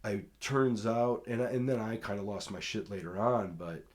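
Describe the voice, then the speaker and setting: A man hosting a podcast, telling rambling, profane stories in casual talk and loudly acting out what others said. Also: lowish voice, moderate pace. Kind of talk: casual storytelling.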